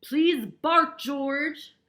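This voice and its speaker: A woman playing a confident male vet in a read-aloud picture book, speaking firmly and loudly. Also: high voice, drawn-out words, pitched above the performer's own voice, full character voice.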